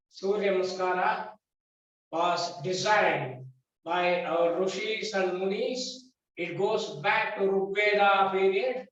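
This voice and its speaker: A man with an Indian English accent, a yoga teacher lecturing his class in short, repeated, emphatic phrases. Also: sits high. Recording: echoey dull recording from a distance.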